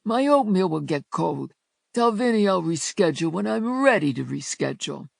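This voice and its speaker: A narrator voicing a cranky old male mob boss who snaps gruff threats in an audiobook. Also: high-pitched, big pitch swings, normal speed, no echo, clean studio sound, pitched above the performer's own voice, full character voice. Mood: indignant. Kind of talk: audiobook character voice.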